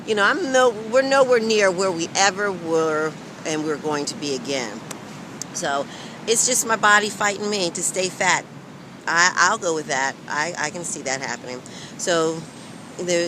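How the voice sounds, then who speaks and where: A woman talking frankly and emphatically to her viewers in a weight-loss vlog, recorded outdoors in a city early in the morning. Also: lowish voice. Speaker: vlogger. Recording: outdoor recording with clear traffic noise.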